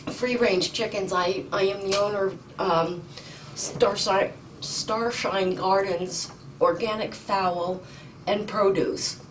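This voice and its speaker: A middle-aged woman testifying in a courtroom, urgent and indignant, halting with ums and restarts. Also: mid-range voice, steady tone. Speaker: petitioner in court. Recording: distant mic with faint noise.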